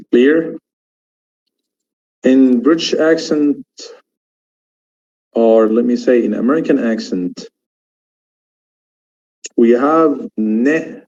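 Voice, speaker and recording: A man's voice: mid-range voice, dark tone, muffled recording. A man teaching an English exam course, explaining pronunciation and repeating key words as he demonstrates them. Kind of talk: online lecture.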